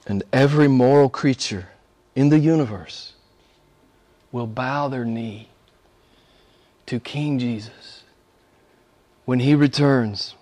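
A man preaching a sermon, swinging between loud, high exclamations and hushed, whispered passages. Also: slow pace, long pauses. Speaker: pastor.

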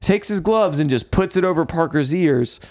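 A man co-hosting a casual podcast, recapping a movie in animated storytelling and swearing freely. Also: on the high side, moderate pace. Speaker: podcast co-host.

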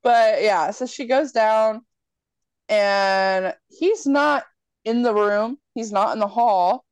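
Casting: young woman, podcast co-host, lively storyteller who swears freely, dry close sound. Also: mid-range voice, slow pace, smooth, no room sound. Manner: animated storyteller, swears freely, acts out lines. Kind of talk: casual chat, retelling a horror movie.

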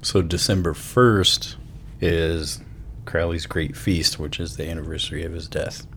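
A man co-hosting a casual podcast, telling stories in a relaxed way with lots of fillers. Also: low voice, a little hiss or hum. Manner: relaxed, drawn-out storytelling with fillers. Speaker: podcast co-host. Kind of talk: casual chat.

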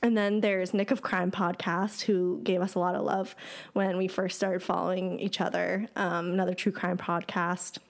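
A woman co-hosting a spooky podcast, talking loosely and warmly about other shows. Her speech is dotted with "like" and "um", and she shifts into reading a listener's letter aloud. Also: on the low side, flat delivery, normal speed, creaky. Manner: chatty, laughs often, says "like" and "um". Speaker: podcast co-host. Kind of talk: casual podcast chat and reading a listener story.

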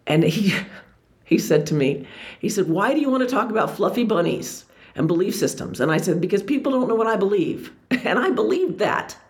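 A woman's voice: medium pitch, moderate pace. A woman motivational speaker telling her own story, acting out both sides of the dialogue. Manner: lively storytelling, acts out dialogue. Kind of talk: personal story talk.

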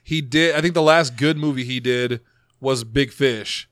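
A man's voice: medium pitch, measured pace, fairly bright tone, dry recording, studio quality. A man co-hosting a casual podcast chat, jokey and laughing often. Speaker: podcast co-host.

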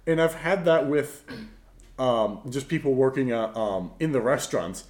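A man's voice: medium pitch, moderate pace, a little mellow. A man co-hosting a casual podcast, telling stories in an amused way. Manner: amused, storytelling. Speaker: podcast co-host. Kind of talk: casual chat. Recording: echoey room.

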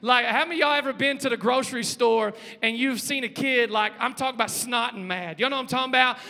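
A man, preaching a lively sermon, joking and calling out to the congregation. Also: extremely high pitch, fast talker, gravelly. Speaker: pastor. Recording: long hall reverb.

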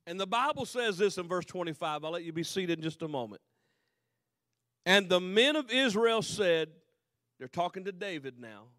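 High-voiced preacher reading scripture slowly. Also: male voice, very animated, a bit bright, no room sound, studio quality. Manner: slow emphatic scripture reading, loose paraphrase. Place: church.

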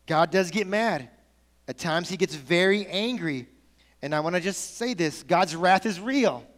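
A man preaching a sermon as pastor, conversational and animated, telling stories with casual asides. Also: sits high, a little slow, big-room sound.

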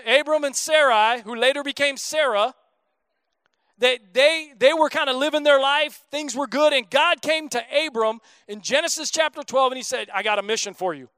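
A man's voice: very high-pitched, normal speed, pushed and bright, no echo. A man in his thirties preaching a sermon as a pastor, in a casual, joking, conversational way.

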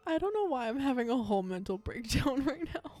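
A woman's voice: high voice, big pitch swings, a little fast, dark tone, soft background music. A young woman co-hosting a casual true-crime podcast, giggly and rambling, swearing freely. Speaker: podcast co-host.

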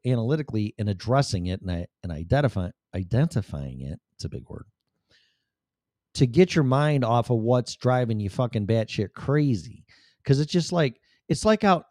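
A man's voice: mid-range voice, sing-song, normal speed, a little mellow, no echo. Middle-aged guy venting straight to camera, swears a lot, rambly, dry close sound. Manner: blunt, profane, rambling. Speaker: vlogger. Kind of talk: candid personal monologue.

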